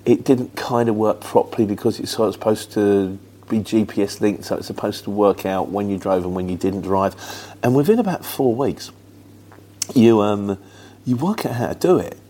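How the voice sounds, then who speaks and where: A man's voice: on the low side, moderate pace, mellow. A middle-aged man from Luton with a Mockney market-trader accent, chatting casually as a truck driver answering viewer questions, rambling and plain-spoken with lots of fillers. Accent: Luton, with a Mockney market-trader twang. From England.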